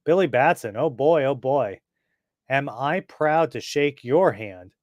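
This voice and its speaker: A man voicing an excitable young male army sentry in a comic book reading. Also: medium pitch, takes it slowly, no echo, lo-fi sound. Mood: excited.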